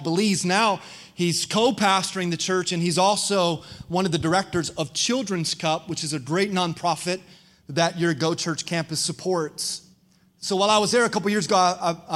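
A pastor with a high, bright-toned male voice delivers a lively sermon. He tells stories with animation and keeps calling out to the congregation to respond. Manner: preaching with crowd call-outs; animated storytelling.

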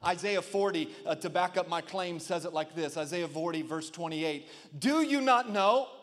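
High-pitched male pastor preaching with fervent call-and-response. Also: flat delivery, moderate pace. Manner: call-and-response preaching, rising to loud emphatic peaks. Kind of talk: sermon.

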